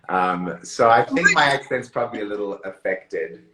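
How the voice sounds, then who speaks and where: An actor appearing as an interview guest chats casually in a lowish, expressive voice, with a mixed Zimbabwean, Australian and British accent. He talks at a moderate pace with hardly any pauses, rambling through many fillers and laughing often, in an echoey room with a lot of noise.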